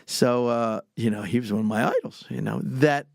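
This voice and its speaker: A man's voice: medium pitch, moderate pace, gravelly, no echo, studio quality. A man in his sixties from Pennsylvania, a podcast guest telling rambling anecdotes with frequent chuckles. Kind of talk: casual storytelling.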